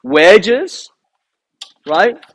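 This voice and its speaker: Man, golf coach, high-pitched, unhurried, animated storytelling, rhetorical questions. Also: rough recording. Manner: animated, rhetorical questions, re-enacts his own thoughts. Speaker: golf instructor.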